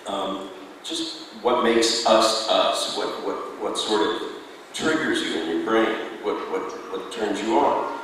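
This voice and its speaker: Low slow-talking guy, a stage actor musing on a panel, far from the mic in a reverby hall. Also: steady tone, fairly bright tone, slight background noise. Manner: thoughtful, measured, philosophical. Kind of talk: reflective convention panel talk. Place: convention hall.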